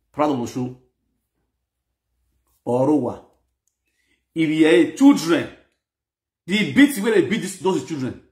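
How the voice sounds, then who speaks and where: A man with a Nigerian Pidgin English accent, telling a personal story in an animated, mixed-language way. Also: fairly high pitch, slow, pauses often, reverberant. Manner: animated, mixes Pidgin and Yoruba phrases. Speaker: social media presenter. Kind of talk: storytelling monologue.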